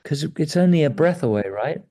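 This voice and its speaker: A man in his sixties speaking as a guest about breathwork, in a gentle, meandering way that sometimes drops to a soft near-whisper. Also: on the high side, expressive, brisk. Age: 60s. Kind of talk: reflective conversational talk.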